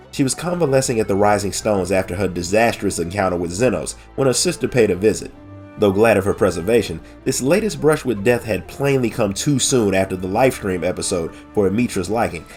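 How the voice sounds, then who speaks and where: A man narrates a game story in a measured audiobook manner, his voice low and noticeably nasal from allergy congestion. Between stories he speaks casually and warmly to listeners. Soft music sits quietly behind him. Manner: measured, friendly sign-offs. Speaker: lore channel narrator.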